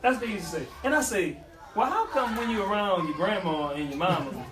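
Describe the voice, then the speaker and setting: Speaking at a youth life-skills session, this high-voiced New man delivers a brisk motivational talk that leans toward preaching, full of folksy, animated energy, vernacular asides and repeats. Captured from afar in an echoey room, it carries a noisy background.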